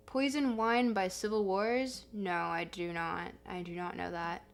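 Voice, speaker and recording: A woman's voice: on the low side, flat delivery, measured pace, vocal fry, few pauses. A woman streamer chatting casually with her chat, reading comments aloud and humming between songs. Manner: chatty, reads chat aloud, sings along. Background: music.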